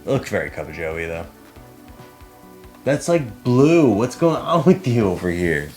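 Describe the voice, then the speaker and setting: A man's voice: lowish voice, expressive, moderate pace, darkish tone, soft background music. A young man talking casually and self-deprecatingly to himself as he sets up lights and cameras in a small apartment. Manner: chatty, self-deprecating, muttering to himself while working. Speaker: podcast co-host making a behind-the-scenes video. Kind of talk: casual behind-the-scenes vlog. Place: small apartment set up as a studio.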